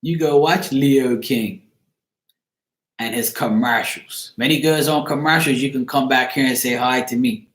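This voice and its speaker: A man's voice: medium pitch, unhurried, fairly bright tone, echoey room. A man hosting a casual livestream as a card reader, rambling and joking with some profanity. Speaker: card reader and channel host.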